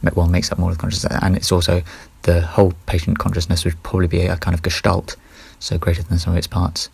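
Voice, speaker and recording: A man's voice: low voice, monotone, fast, creaky, husky, no room sound. A man talking through his ideas in a casual, rambling solo monologue, often correcting himself mid-sentence. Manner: rambling, self-correcting, offhand. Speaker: solo vlogger.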